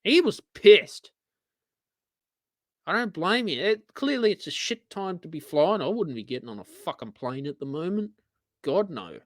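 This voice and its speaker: A man's voice: fairly high pitch, very animated, normal speed, dry recording. Ranting, exasperated Australian man. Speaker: host of an online radio-style show. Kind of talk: live-streamed solo rant.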